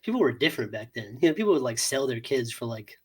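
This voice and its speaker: A man co-hosting a casual movie review podcast, animated and profane, often laughing and acting out scenes. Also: medium pitch, fast, husky. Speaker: podcast co-host.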